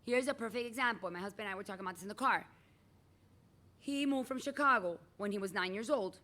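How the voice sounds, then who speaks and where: In a classroom, a middle-aged woman teacher talks fast in a medium-pitched voice, giving a chatty, animated lecture and calling on students by name.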